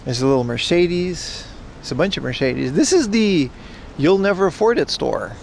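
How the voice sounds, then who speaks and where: A man's voice: on the high side, lively intonation, moderate pace, vocal fry, a little mellow. A man streaming live as he walks city streets, chatting casually with his viewers. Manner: chatty, addresses chat directly. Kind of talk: casual IRL livestream commentary. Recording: noisy outdoor street recording.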